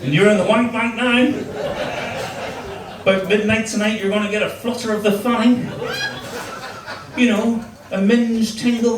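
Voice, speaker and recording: At a steady tone and normal speed, with long pauses, a high-voiced Northern Irish comedian aims crude banter at the audience from a comedy club stage. Background noise and laughter fill the roomy, distantly miked recording.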